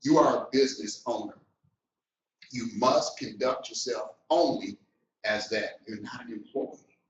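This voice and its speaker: A middle-aged man giving a motivational business talk, animated and preacher-like, swinging between loud and soft. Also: a little high. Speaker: business coach. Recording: roomy, distant, dull sound.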